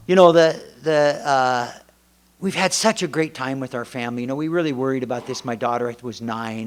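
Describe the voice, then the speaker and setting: A middle-aged American man gives his testimony at a recovery meeting, restarting sentences often as his stories wander. His voice sits in an ordinary middle pitch, and he slips into the voices of his family members when he tells anecdotes. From United States. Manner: rambling, self-interrupting storyteller who acts out family dialogue. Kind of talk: personal testimony talk. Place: meeting hall before an audience.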